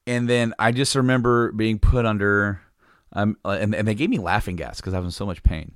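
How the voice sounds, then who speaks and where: A man's voice: on the low side, fairly even intonation, normal speed, clear, resonant tone, no echo, clean studio sound. A man telling a long personal story in casual chat, rambling and restarting sentences, laughing often. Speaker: podcast guest telling a story.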